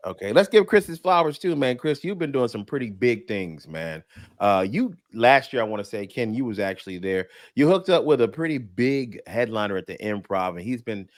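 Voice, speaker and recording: A man co-hosting a comedy radio show, reacting with loud hums and hyping up the guest. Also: mid-range voice, very animated, moderate pace, no echo, clean studio sound. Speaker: comedian co-host. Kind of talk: casual comedy chat.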